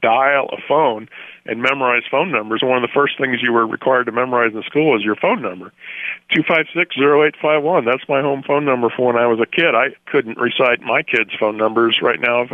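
A man's voice: mid-range voice, no echo. A man from Florida joins a radio talk on theology as a guest. His voice comes through a thin, phone-like line with no room sound around it. He talks with emphasis and animation and laughs easily. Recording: tinny phone line, dry.

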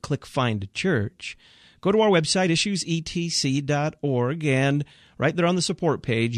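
A man in a mid-range voice running a radio talk show with brisk, friendly announcing. The sound is dry and close to the mic. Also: medium pitch, dry recording.

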